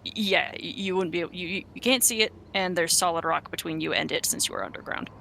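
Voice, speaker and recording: A game master narrates a tabletop role-playing session in a bright, clear voice. The pace stalls with frequent fillers and restarts. Faint background noise sits behind the voice. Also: mid-range voice, fast. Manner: hesitant, full of fillers.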